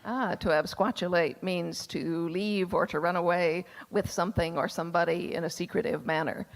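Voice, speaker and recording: A woman's voice: fairly low pitch, steady tone, moderate pace, vocal fry. A woman author on a panel, dry and matter-of-fact. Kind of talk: panel talk. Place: large event hall. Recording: reverberant hall on a PA.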